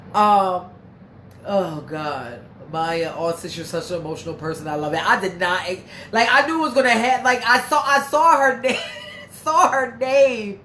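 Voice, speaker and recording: A woman's voice: deep voice, expressive, normal speed, a bit bright, a little hiss or hum. A woman hosting a casual livestream, brash and chatty, swearing freely and reading out viewer comments, her nose a bit stuffy. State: stuffy, congested. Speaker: livestream host. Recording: echoey room.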